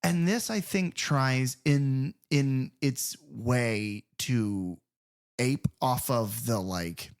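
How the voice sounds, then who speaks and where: A man's voice: medium pitch, very slow, clear, resonant tone. A man in his thirties co-hosting a podcast, talking casually and animatedly about a film, swearing and laughing often. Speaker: podcast co-host.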